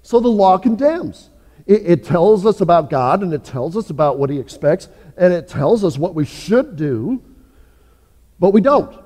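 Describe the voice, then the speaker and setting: High-voiced pastor preaching in a reverberant hall. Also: male voice, sing-song, unhurried. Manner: earnest preaching, builds up then drops low and soft. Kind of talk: sermon. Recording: long church reverb.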